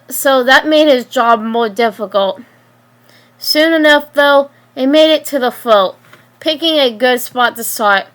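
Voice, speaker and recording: A woman reading her own story aloud, halting, with frequent restarts and slips. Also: high voice.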